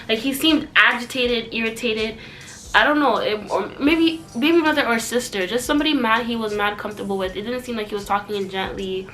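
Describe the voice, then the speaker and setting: Animated, sarcastic young woman vlogger. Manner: animated, sarcastic, jumps high in pitch when outraged; drops low and quiet for asides. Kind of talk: storytime chat.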